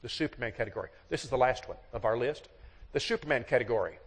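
A man's voice: medium pitch, lively intonation, fast talker, husky. A middle-aged man preaching a sermon on marriage in a folksy, storytelling way, acting out both sides of the dialogues. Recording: long hall reverb.

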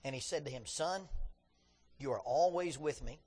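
A man's voice: mid-range voice, normal speed, darkish tone, breathy edge, big-room sound. A man preaching a sermon in a conversational way with joking asides, reading scripture with drama. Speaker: pastor.

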